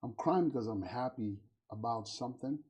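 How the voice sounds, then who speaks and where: A middle-aged man hosts a casual talk show podcast, telling warm stories and acting out the voices of the people in them. His voice is medium-pitched, expressive, and husky, at a normal speed.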